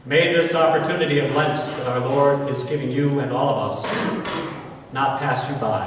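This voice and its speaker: A man in his forties with an American accent, a priest telling a personal story in a homily, earnest and slow with emphatic pauses. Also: mid-range voice, slight background noise. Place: large church. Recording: echoey church hall from far off.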